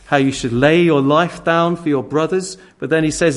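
A man preaching a sermon. He swings from loud emphasis to near-whispered asides and acts out scornful voices. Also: fairly high pitch, fairly even intonation, moderate pace, hardly any pauses.

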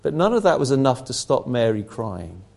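A man's voice: mid-range voice, big pitch swings, normal speed, gravelly, a little mellow. A middle-aged man preaching a sermon, emphatic, his intensity rising and falling.

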